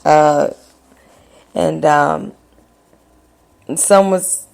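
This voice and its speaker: A low-pitched woman with a gravelly, creaky edge to her voice tells a personal story at an unhurried pace. She rambles and hesitates, filling gaps with ums and uhs and restarting her sentences, like a podcast host chatting to her subscribers. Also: steady tone.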